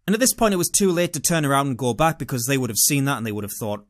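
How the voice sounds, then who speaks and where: A man's voice: medium pitch, animated, fast talker, hardly any pauses. A man with a British accent telling a first-person travel story in a dramatic, wry way.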